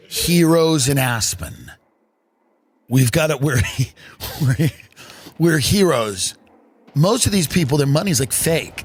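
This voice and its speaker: A man's voice: big pitch swings, unhurried, long pauses, husky. A middle-aged man hosting a comedy podcast, riffing sarcastically, acting out mock dialogue and swearing freely. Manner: swears freely, big swings in pitch. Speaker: podcast host.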